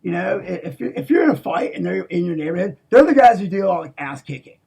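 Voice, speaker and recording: Very raspy, gravelly man ranting. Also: very animated, fast talker. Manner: profane, repeats "okay?", restarts a lot; swings between loud outbursts and low mutters. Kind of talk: rambling monologue.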